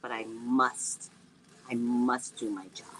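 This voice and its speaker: A woman with a very deep voice speaks slowly, hosting a casual psychic livestream from home and joking animatedly with her viewers and chat. There's no external mic, so the recording is low quality with a little hiss or hum.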